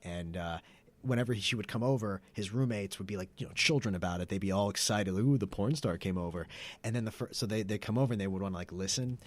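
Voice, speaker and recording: A man's voice: fairly low pitch, quick pace. A man on a podcast, chatting casually and insisting on his point, telling stories with emphasis. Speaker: podcast host. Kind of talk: casual chat.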